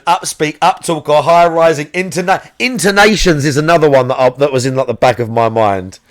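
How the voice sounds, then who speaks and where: A man streaming a game live, chatting casually and rambling as he searches aloud for the right words. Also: fairly high pitch. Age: adult parent.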